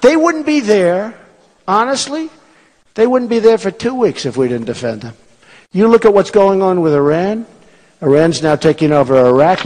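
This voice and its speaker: A man in his sixties delivers a rally speech, repeating his points with emphasis and boasting as he drifts between topics. His voice sits high and swings widely in pitch. Long reverb from a large performing arts hall trails each phrase. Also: sing-song, normal speed. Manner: repetitive, emphatic, boastful, digressive. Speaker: political candidate speaking at a rally.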